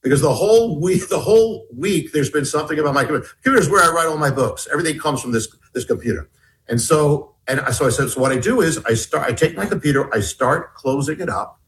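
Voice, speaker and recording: A man, an author and guest on an interview show, telling a personal story emphatically and shifting between raised and hushed tones. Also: a little high, expressive, fast, a little hiss or hum.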